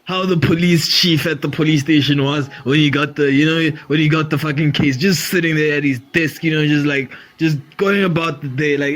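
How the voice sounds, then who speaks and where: A man's voice: a little high, steady tone, moderate pace, few pauses, fairly bright tone. A man hosting a comedy podcast, riffing animatedly, swearing freely and laughing often. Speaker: podcast host. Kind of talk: comedic monologue.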